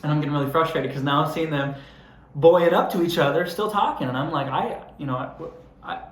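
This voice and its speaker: A man's voice: a little high, fairly quick, reverberant. A young adult man preaching a sermon, telling a self-deprecating story in a conversational way before turning earnest. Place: church hall.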